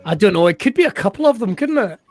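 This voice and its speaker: A man's voice: high voice, big pitch swings, fast talker, a little mellow, faint music behind. A Scottish man, a comedian, telling cheeky, sweary stories in casual banter. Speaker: comedian guest.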